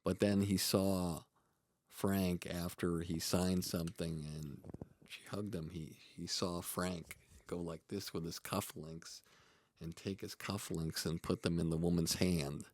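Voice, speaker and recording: A man, a comedy producer and manager, telling stories in an earnest, reflective way as a podcast guest, often halting and restarting. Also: low voice, flat delivery, a little mellow, no room sound. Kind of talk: storytelling in a podcast interview.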